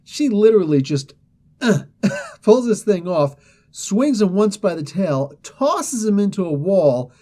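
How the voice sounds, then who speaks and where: A man with a high-pitched voice retells a comic book story at a measured pace. He is animated and laughing, and often slips into the characters' voices.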